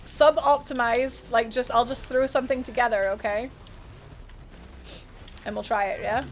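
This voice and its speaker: High-voiced chatty woman streamer. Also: fairly even intonation, normal speed, a little hiss or hum. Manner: chatty, thinks aloud, laughs and gasps often. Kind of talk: live gameplay commentary chatting with viewers.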